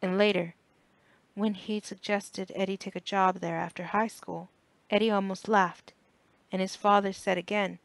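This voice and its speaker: Calm woman narrating an audiobook. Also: medium pitch, creaky, dry recording. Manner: calm, measured storytelling. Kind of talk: scripted narration.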